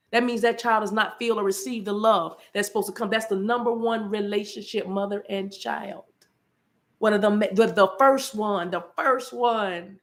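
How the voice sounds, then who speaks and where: A woman's voice: mid-range voice, a bit bright. A woman from the eastern United States, preaching spontaneously to a live chat, fervent and repetitive, breaking into speaking in tongues. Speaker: spiritual livestream host.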